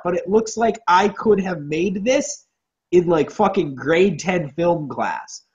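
Male co-host, sarcastic casual riffer, higher voice, muffled lo-fi recording. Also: takes it slowly. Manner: sarcastic, swears freely, animated. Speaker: podcast co-host. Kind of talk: casual movie review chat. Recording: dull lo-fi audio.

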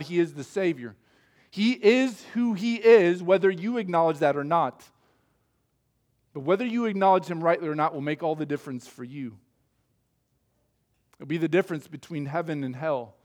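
A male pastor preaching a sermon in an emphatic, measured way, asking rhetorical questions. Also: a little high.

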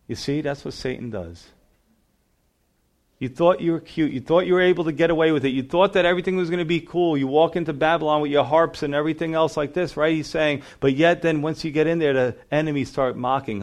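A male pastor preaching a sermon, reading scripture aloud and swinging between fervent emphasis and quiet, low stress. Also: a little fast.

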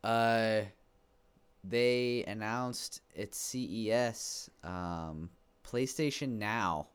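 Smooth-voiced laid-back man on a podcast. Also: fairly low pitch, very slow. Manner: laid-back, hesitant, casual. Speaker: podcast co-host. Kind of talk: casual gaming chat.

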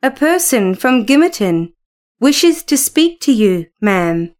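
A woman's voice: high voice, very animated, slow pace, darkish tone, heavily acted. A woman reading the part of a timid young servant who mutters and hesitates, in a storybook reading. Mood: nervous.

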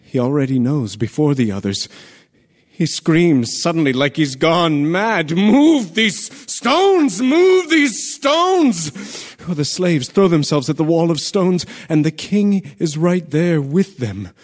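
An actor playing a messenger in a radio play, telling a terrible event urgently and vividly. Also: male voice, fairly high pitch, expressive, measured pace, darkish tone. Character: breathless male messenger bearing terrible news.

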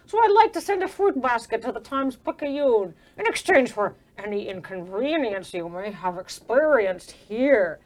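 A woman voicing a smooth, condescending male scientist executive. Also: a little high, big pitch swings. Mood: patronizing. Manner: oily, slow, patronizing.

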